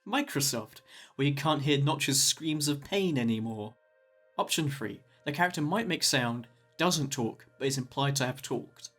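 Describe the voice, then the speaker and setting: A man's voice: medium pitch, expressive, measured pace, a bit bright, soft background music. A man narrating a scripted video essay, with wry, jokey asides.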